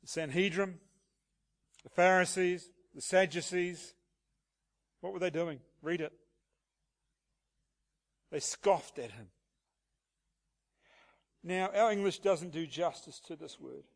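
A man's voice: sits high, slow pace, long pauses. A man preaching an expository sermon and asking the congregation rhetorical questions. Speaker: pastor.

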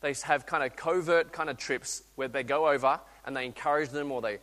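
A man's voice: fairly high pitch, a little fast. A man, preaching a sermon, telling stories animatedly and acting out voices, with frequent restarts. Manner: animated storytelling, acts out voices, restarts often. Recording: long hall reverb.

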